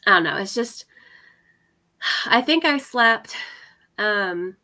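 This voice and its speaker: A woman's voice: medium pitch, animated, takes it slowly, bright, forceful tone. A young adult woman chatting casually with friends on a call, full of fillers and laughter. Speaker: readathon participant. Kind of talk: casual video-call chat.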